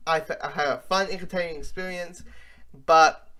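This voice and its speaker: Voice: medium pitch, steady tone, normal speed, fairly bright tone. An enthusiastic movie reviewer who talks casually and rambles, restarting sentences often. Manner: rambling, with many fillers and restarts.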